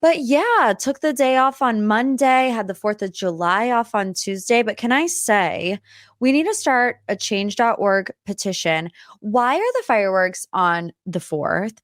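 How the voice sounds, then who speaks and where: A woman's voice: a little high, animated, a little slow, no room sound, studio quality. Chatty woman hosting a podcast. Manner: chatty, rambling tangents. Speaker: podcast host. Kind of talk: casual pop culture chat.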